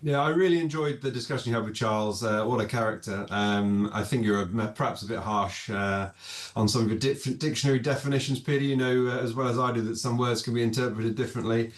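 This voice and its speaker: A man talking as a political commentator in a relaxed, hesitant way with many ums. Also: mid-range voice, fast talker, echoey room. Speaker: political commentator, former special adviser. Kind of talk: casual discussion.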